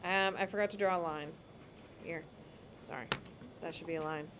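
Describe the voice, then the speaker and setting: A woman's voice: fairly low pitch, fairly even intonation, normal speed, noisy background. Casual, emphatic woman teacher. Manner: casual, emphatic, talks while drawing on a map. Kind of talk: classroom lecture. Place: classroom.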